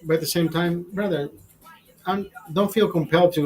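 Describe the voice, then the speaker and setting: A man's voice: high-pitched, fairly even intonation, normal speed, low-quality recording. A man hosting a livestream, chatting to his viewers in a profane, rambling, easygoing way. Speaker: livestream host. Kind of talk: casual chat to viewers.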